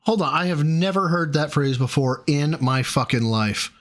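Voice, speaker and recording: A man's voice: on the high side, expressive, normal speed, very noisy. A man commenting on a video, sarcastic and teasing, swearing as he mocks what he hears. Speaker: reaction commentator. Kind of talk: mocking commentary.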